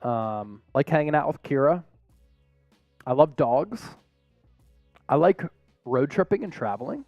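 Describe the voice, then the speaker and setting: A man's voice: a little high, very animated, measured pace, long pauses, no echo, lo-fi sound, faint music behind. A man hosting a live sports stream, chatting casually in a laid-back, rambling way with frequent chuckles. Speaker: sports show host.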